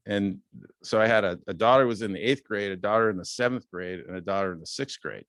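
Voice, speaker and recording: Low-voiced man telling stories in a dry room. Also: a little fast, smooth, no room sound. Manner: relaxed, rambling, many fillers and restarts; acts out quoted dialogue in a raised voice. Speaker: guest speaker. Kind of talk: casual storytelling talk. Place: club meeting room.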